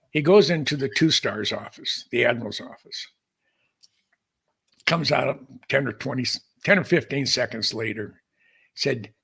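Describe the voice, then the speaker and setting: Gravelly older man spinning a story. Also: mid-range voice, a little slow, a bit bright. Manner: folksy, rambling, with frequent restarts and fillers. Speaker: podcast guest, aviation historian. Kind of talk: storytelling in casual conversation.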